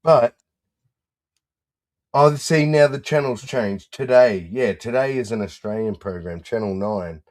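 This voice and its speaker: A man's voice: medium pitch, a little slow, a little mellow. Sarcastic, swearing man co-host. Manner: profane, sarcastic banter. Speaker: co-host reacting to video clips. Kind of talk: casual reaction chat.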